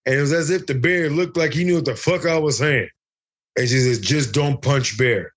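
A man with a husky, slightly breathy voice spins a rowdy fight story for an interviewer. He swears freely, laughs at his own tale, and slips into the voices of the people in it. The sound comes from a video call at home. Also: a little high, a little fast, a bit bright. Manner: profane, joking, acts out other voices. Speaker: interview guest, former fighter. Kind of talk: animated storytelling.

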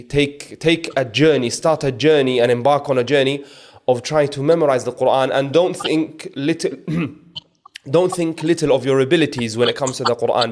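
Man hosting a call-in podcast. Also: mid-range voice. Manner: warm, repeats religious blessings, hesitant restarts. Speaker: podcast host. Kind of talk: casual interview with a caller.

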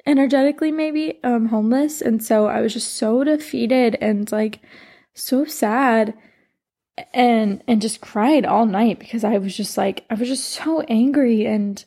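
Woman in her twenties, podcast host, gravelly fry, mellow tone, rambling earnest storytelling. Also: on the high side, unhurried. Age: 20s. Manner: rambling, heavy on "like", emotional and earnest. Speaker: podcast host and life coach. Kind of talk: casual personal storytelling.

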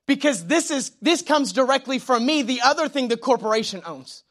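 Bright-voiced preacher with a twang. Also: male voice, extremely high pitch, expressive, brisk. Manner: swings between loud emphatic preaching and quiet prayerful asides; informal, tells jokes and personal stories. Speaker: pastor. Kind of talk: sermon.

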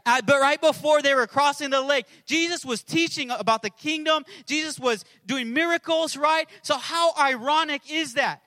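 A man pastor preaching an impassioned sermon, calling out to the congregation and swinging between shouted prayers and hushed asides. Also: very high voice, no room sound. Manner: calls out to the congregation.

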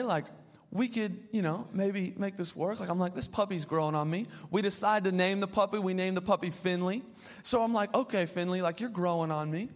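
A young adult man preaching a sermon as pastor, telling a story with animated, playful asides. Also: sits high. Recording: long hall reverb.

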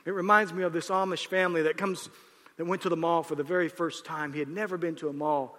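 A male pastor delivering a sermon, his voice high and bright. He moves between hushed, personal moments and loud, emphatic peaks. The sound rings with the long reverb of a large hall. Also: quick pace. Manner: animated, rising to loud emphatic bursts.

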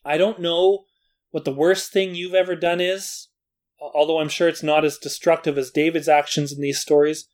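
A man's voice: a little high, little pitch movement, moderate pace, a little mellow. A man teaching a Bible lesson in an earnest, scripted way, with self-deprecating asides. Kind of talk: scripted Bible study narration.

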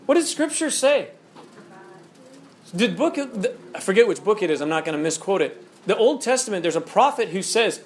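High-voiced, animated male preacher. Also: moderate pace, slight background noise. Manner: animated, storytelling, rhetorical questions. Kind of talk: sermon.

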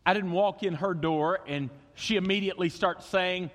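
Animated high-voiced preacher. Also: male voice, moderate pace, few pauses. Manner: animated preaching, acts out voices, repeats words. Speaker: pastor. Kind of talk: sermon. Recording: long reverb of a church hall.

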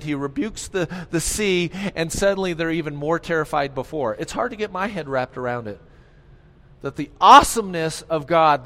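A male pastor giving an animated sermon, often asking the congregation questions. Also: fairly high pitch. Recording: long hall reverb.

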